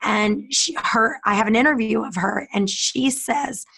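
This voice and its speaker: A woman in casual conversation, speaking animatedly and acting out quoted people in a higher voice. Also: measured pace, gravelly, fairly bright tone, slightly rough. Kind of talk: casual chat.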